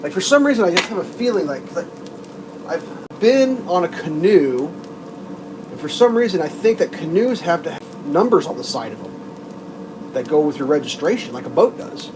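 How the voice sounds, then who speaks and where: A man's voice: a little high, sing-song, moderate pace, background noise. Rambling, profane man on a livestream. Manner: rambling, profane storytelling with quoted voices. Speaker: livestream host. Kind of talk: casual live-stream chat.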